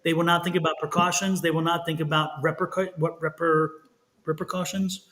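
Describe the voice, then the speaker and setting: A man giving chatty, animated tarot readings on a live stream, laughing often and drawing out words for emphasis. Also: fairly high pitch, brisk, low-quality recording. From Texas. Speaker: tarot and psychic reader.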